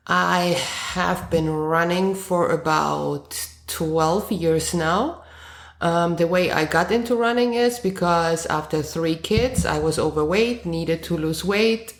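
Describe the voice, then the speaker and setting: A woman in her forties with a German accent answers questions at an easy pace, pausing on frequent ums and uhs. Her voice sits on the low side, and the room around her rings with noticeable echo. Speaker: guest runner. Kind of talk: interview answers.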